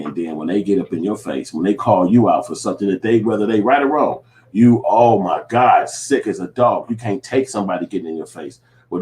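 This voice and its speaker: Low-voiced man ranting loosely to viewers. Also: darkish tone. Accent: Chicago. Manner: profane, street slang, restless rambling. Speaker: vlogger. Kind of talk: casual commentary to viewers.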